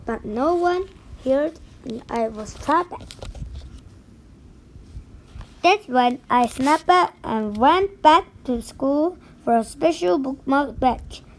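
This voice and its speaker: A woman reading a picture book aloud in an unhurried way, now and then stumbling and restarting a word. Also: high-pitched, expressive, low-quality recording. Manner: unhurried read-aloud with small slips and restarts.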